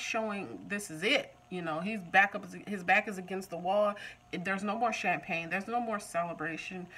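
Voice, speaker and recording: A woman's voice: medium pitch, fairly bright tone, rough recording. A woman recapping a TV episode in a casual, joking way, talking back to the show. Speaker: TV recap vlogger.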